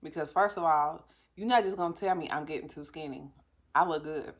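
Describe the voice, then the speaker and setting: A woman's voice: low voice, brisk, a little hiss or hum. A woman chatting casually to viewers while eating, often talking with her mouth full and stopping to savor bites. She sounds candid and self-assured, recorded at home on a camera or phone mic. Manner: talks with mouth full, chewing and savoring between remarks. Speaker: mukbang vlogger. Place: at home at a table.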